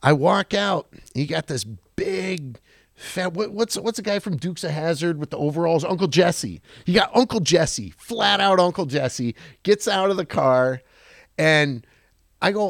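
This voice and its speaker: A man's voice: unhurried, creaky, no echo, clean studio sound. A man in his forties telling stories from his car sales career on a podcast, with lots of restarts and quoted voices. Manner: animated storyteller, many restarts, acts out quotes in a higher voice. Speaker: car dealership guest. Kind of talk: podcast storytelling.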